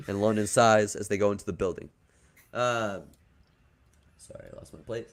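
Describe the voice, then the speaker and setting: A man's voice: on the low side, moderate pace. A man hosting a podcast, casually walking through a storyline he has written, joking and crude at times. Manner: laid-back, joking, crude. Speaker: podcast host pitching a wrestling storyline.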